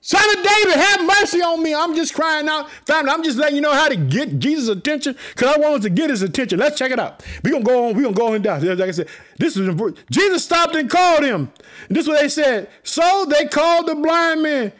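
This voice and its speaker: A fired-up man preaching a sermon. His voice sits very high and swings wildly up and down, breaking into shouts as he repeats his catchphrases. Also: lively intonation, fast talker. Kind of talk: fiery sermon.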